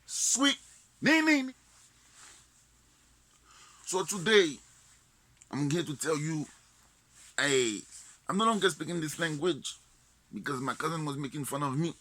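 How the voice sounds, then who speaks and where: A man with a Haitian Creole accent tells a comic story in a bright, slightly high voice. He talks playfully, sliding between Creole and English. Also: moderate pace, long pauses. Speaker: comedian. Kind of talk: comic monologue.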